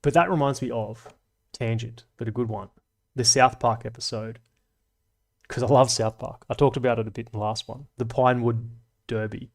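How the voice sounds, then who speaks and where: A man's voice: medium pitch, fairly even intonation, normal speed. Male streamer, casual rambling chat, cheerfully sweary, frequent laughs. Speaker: livestream host. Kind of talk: casual livestream chat reading comments.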